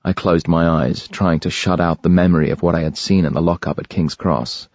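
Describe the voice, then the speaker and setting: A man reading a first-person thriller audiobook in a measured, grave way. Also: low-pitched, fairly even intonation, a little mellow, dry recording. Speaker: audiobook narrator. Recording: dry, slightly dull studio recording.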